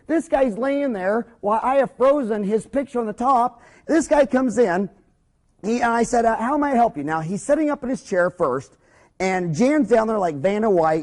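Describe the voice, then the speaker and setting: A man lecturing with a high voice for a man. He speaks bluntly and with humor, telling anecdotes and acting out their dialogue in a lively seminar style. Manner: blunt, joking, animated storyteller. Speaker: dentist lecturer.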